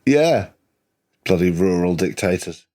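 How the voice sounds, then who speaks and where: A man, a tabletop game player, making quick jokey remarks. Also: sits low, animated, dark tone. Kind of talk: casual chat and in-character play.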